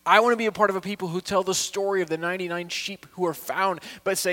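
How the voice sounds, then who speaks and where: Impassioned pastor, slightly high voice. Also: male voice, steady tone, quick pace, few pauses. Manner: impassioned preaching, swinging from hushed to loud. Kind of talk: sermon.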